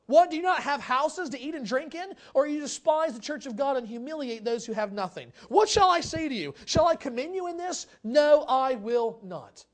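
A preacher with a high-pitched voice delivers a sermon. The delivery is conversational, full of casual asides, and it swings between lower, quieter stretches and loud, shouted exhortation. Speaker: pastor.

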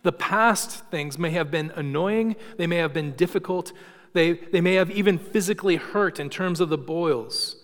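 A man preaching a sermon, telling stories and slowing down for emphasis. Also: a little high. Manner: storytelling, emphatic with slowed dramatic phrases. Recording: long hall reverb.

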